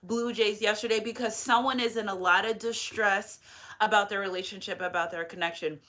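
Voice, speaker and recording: A woman's voice: medium pitch, steady tone, a little fast, bright, forceful tone. A woman in her thirties giving a casual spiritual reading as a medium, chatty and rambling, emotional, with many restarts and asides. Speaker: tarot reader and medium.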